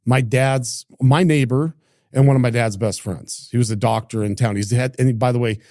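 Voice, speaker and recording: A middle-aged man from Idaho, a business founder telling a story in casual conversation, acting out what people said, with lots of quick restarts. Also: mid-range voice, no room sound, studio quality. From Idaho, United States. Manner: animated, acts out quoted dialogue, frequent restarts. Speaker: entrepreneur guest.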